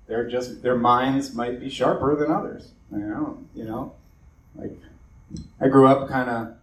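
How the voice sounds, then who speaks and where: A man's voice: medium pitch, steady tone, measured pace, a bit bright. Man, pastor type, casual rambling delivery; distant mic, roomy echo. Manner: loose and chatty, many fillers and asides. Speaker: pastor leading a church meeting. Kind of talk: casual evening talk to a congregation. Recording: echoey room, distant mic, faint noise.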